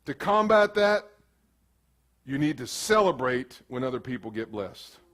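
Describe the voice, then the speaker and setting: A man preaching a sermon as pastor in a casual, animated way, slipping into quick acted asides. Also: medium pitch.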